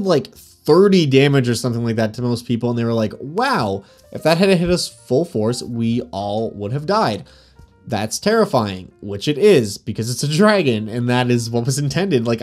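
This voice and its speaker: A man working as dungeon master, casually recounting a tabletop game session with animated, laughing delivery. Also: medium pitch. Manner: animated, laughing, frequent fillers. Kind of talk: casual game recap storytelling.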